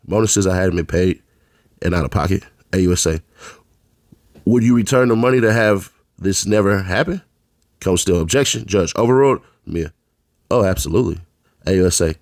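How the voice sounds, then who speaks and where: Deep-voiced man reading court transcripts. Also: darkish tone, dry recording, clean studio sound. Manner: plain read-aloud, announcing each speaker's label before their lines. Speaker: channel host reading court testimony. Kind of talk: reading a trial transcript aloud.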